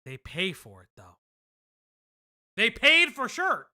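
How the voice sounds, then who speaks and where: A man's voice: extremely high pitch, huge pitch swings, slow, pushed and bright. A man hosting a live commentary stream, talking bluntly and offhandedly with plenty of swearing. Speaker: streamer host.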